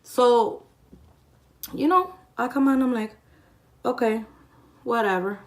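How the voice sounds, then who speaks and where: Animated, swearing young woman telling a story. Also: on the high side, takes it slowly. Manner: animated, profane, acts out quoted voices. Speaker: vlogger. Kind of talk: casual storytime while doing makeup. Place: indoors at home, doing makeup.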